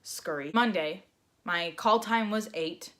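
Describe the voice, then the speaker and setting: A young woman telling a personal story in a vlog, animated and acting out the voices she quotes. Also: fairly low pitch, takes it slowly. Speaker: vlogger.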